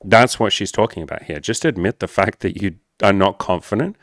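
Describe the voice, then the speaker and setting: Male dating coach, low voice, frank and sweary, talks straight to camera; dry recording. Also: brisk, a bit bright, no room sound. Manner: candid and blunt, swears freely; addresses viewers as guys. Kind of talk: casual talk to camera.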